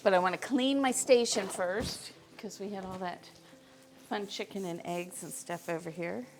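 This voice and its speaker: A woman's voice: medium pitch, normal speed, slight background noise. A middle-aged woman from Missouri, hosting a live cooking stream in her home kitchen and chatting in a rambling way, with lots of fillers. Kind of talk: casual cooking chat.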